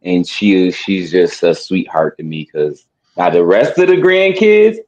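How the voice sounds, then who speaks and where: A man's voice: deep voice, animated, unhurried, a little mellow. A man chatting as a guest on a radio talk show, telling laid-back family stories. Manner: laid-back storytelling, mimics relatives. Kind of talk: casual radio chat.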